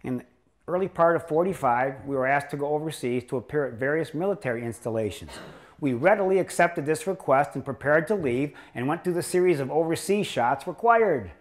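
An older man with a voice a bit higher than most men gives a lecture as a chiropractor. He jokes and rambles through his stories with a sarcastic edge. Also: expressive, brisk. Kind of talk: humorous lecture storytelling.

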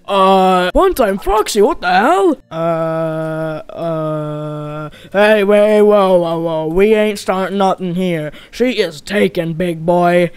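A performer voicing every character in a comedic animated skit, switching between goofy character voices. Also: mid-range voice, slow, few pauses, clean tone, no room sound. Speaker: voice actor for all characters. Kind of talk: comedic machinima voice acting.

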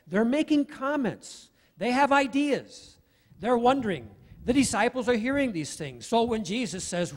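High-voiced pastor preaching in a reverberant hall. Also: male voice. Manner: conversational, with asides and acted-out quotes. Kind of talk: sermon. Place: church sanctuary.

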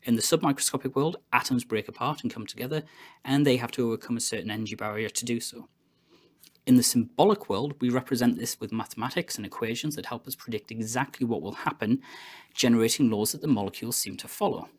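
Male chemistry educator, scripted lesson narration, clear and measured, stresses key terms. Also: medium pitch.

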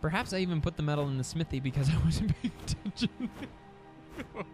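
A man hosting a gaming channel, chatting casually at home through his gameplay with a chatty, excitable manner and frequent stammered restarts. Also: on the high side, fast, music in the background. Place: home recording setup.

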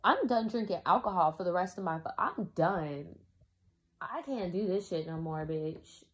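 A woman's voice: fairly low pitch, moderate pace. A young woman, sick and exhausted, recording a video diary as an emotional, profane rant. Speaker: vlogger.

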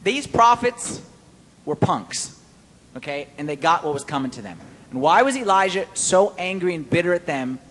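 High-voiced guy preaching, playful, asks the crowd stuff, long church echo. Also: normal speed. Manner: animated, playful, quizzes the audience. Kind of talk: sermon, Bible study.

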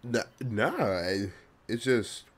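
Host type, crude prankster man on a video call, very lively pitch. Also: slow pace. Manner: crude, mocking, swings between loud and mumbled. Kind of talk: video chat trolling.

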